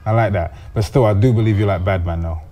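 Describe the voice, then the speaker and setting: A man's voice: fairly low pitch, fast, noisy background. A young man, raised in the Caribbean, telling brash, slangy stories as a guest in a casual chat.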